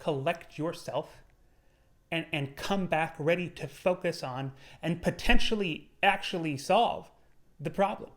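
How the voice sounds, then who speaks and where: A young man giving an earnest, measured motivational talk on his video channel, slowing down on key words. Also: on the high side, a bit bright. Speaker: YouTuber. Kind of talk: motivational vlog monologue.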